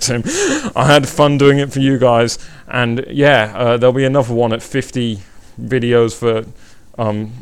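A man hosting a casual live stream who chats to viewers in an excitable, rambling way with mock suspense. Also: clear, resonant tone. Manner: excitable, rambling, jumps into high-pitched mock suspense and laughs often.

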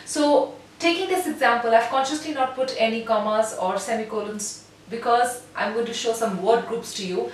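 Lady voice coach, kinda high voice, lots of room echo, faint rumble behind. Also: far from the mic. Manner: demonstrates pacing, explains calmly. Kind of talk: online voice lesson.

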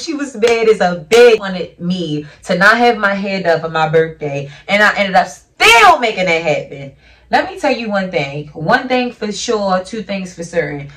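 A woman's voice: mid-range voice, a bit bright, distant mic. A young woman vlogger telling a casual storytime in a brash, profane, emphatic way.

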